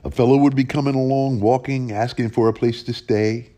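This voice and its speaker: A man telling an old ghost folk tale in a plain, unhurried folksy way, with lively rises in his voice. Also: medium pitch. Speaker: storyteller.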